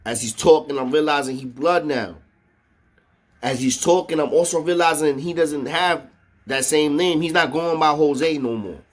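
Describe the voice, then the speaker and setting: Here a man whose voice sits on the high side speaks at normal speed, rambling through a long story in an easygoing way. Slang and curses pepper his talk, and he regularly checks in with "know what I mean."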